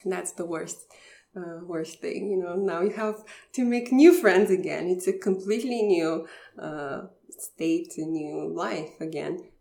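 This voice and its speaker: A woman in her thirties from Bulgaria with a Bulgarian accent, a podcast guest telling her story in a chatty way, full of fillers and soft laughs. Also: fairly low pitch, measured pace, creaky. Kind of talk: casual personal storytelling. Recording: roomy echo.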